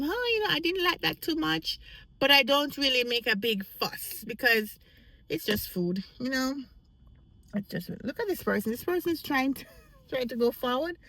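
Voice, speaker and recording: A woman's voice: on the high side, vocal fry, no room sound, poor audio. A woman vlogger telling a casual work story, acting out the voices of the people in it. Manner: animated, acts out quoted voices.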